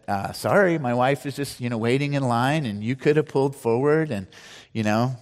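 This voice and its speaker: A man preaches from the pulpit, his voice at a medium pitch for a man. He moves easily between scripture and relaxed personal stories, speaking plainly to the congregation. His words ring out with a long reverb in the church hall. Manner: conversational preaching with personal anecdotes. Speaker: pastor. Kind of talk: sermon.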